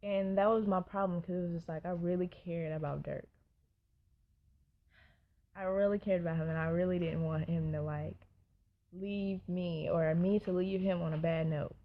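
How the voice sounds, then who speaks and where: A woman's voice: on the low side, fairly even intonation, moderate pace. A young woman, telling a personal story in a casual storytime vlog, chatty and full of asides to her viewers. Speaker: vlogger. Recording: dull lo-fi sound.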